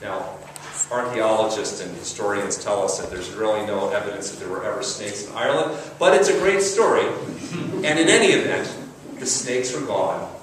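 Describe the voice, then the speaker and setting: A man's voice: fairly low pitch, animated, normal speed, slight background noise. A man preaching a sermon as pastor, conversational, with repetition and emphasis. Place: church sanctuary. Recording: roomy church sound from a distant mic.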